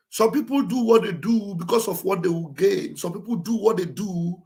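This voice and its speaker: Fervent high-voiced Igbo-accented man. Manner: fervent, preacher-like, repeating phrases. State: emotional, near tears. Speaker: livestream host. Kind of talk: impassioned livestream exhortation.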